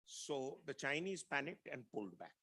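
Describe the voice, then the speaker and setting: A man's voice: mid-range voice, very animated, moderate pace, pushed and bright, husky. A retired army officer on a video call, telling blunt anecdotes and acting out the people he quotes. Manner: blunt, acts out quoted voices. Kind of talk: anecdotal storytelling talk.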